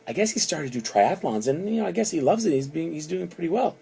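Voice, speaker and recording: A man voicing a proud middle-aged stepmother who gushes in a high, bragging voice. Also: expressive, fast, vocal fry, over a noisy crowd. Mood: gushing. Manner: gushing, high-pitched bragging.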